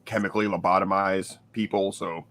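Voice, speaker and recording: Rambling man with a lower voice. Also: level tone, fairly quick, a bit bright, slight background noise. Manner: rambling, heavy use of "like", laughs often. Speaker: podcast co-host. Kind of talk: casual chat.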